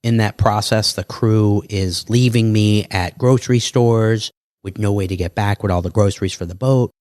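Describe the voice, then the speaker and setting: A man, a guest on a podcast, telling his life story in a lively way and acting out other people's lines. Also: fairly low pitch, no room sound, clean studio sound. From New York. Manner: animated, quick storytelling with acted quotes.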